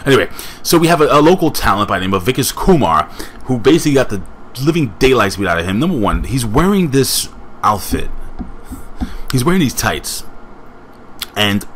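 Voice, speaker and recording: A man's voice: on the low side, fairly bright tone, a little hiss or hum. A man casually reviewing a wrestling show, rambling with joking asides and chatting to a friend off camera.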